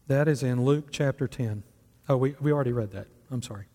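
In a hall with a long reverb, a male pastor preaches conversationally and puts rhetorical questions to his congregation. His voice sits at medium pitch, with a brisk pace and a dark tone.

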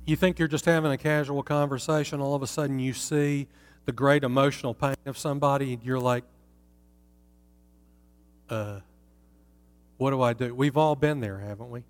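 A man's voice: mid-range voice, fairly even intonation, a little fast. A man teaching from the Bible in a conversational way, putting rhetorical questions to his listeners. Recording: long reverb in a hall.

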